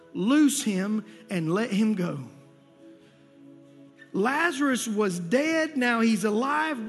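A man's voice: high voice, gravelly, fairly bright tone. A man preaching a sermon as pastor to his church, building to emphatic, repeated calls. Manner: preaching with rising intensity and emphatic repetition. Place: church sanctuary. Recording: long hall reverb with faint music.

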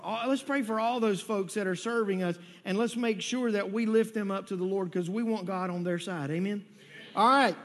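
A man preaching a sermon as a pastor, conversational, with frequent repeated words and slow, emphatic phrases. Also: sits high. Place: church sanctuary. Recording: long reverb of a church hall.

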